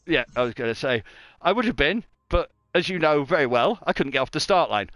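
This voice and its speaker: A man calling a live online race in a chatty, self-mocking way. His voice is smooth and resonant, and the dry sound keeps it close to the mic. He jokes freely between the race updates. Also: fairly high pitch, lively intonation, a little fast, a bit bright, no echo. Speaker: race commentator. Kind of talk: live race commentary chat.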